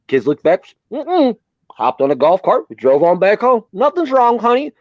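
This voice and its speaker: A man's voice: sits high, big pitch swings, moderate pace, dry recording, dull audio. A man telling rowdy, profane stories on a live stream, acting out the quotes. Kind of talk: casual storytelling chat.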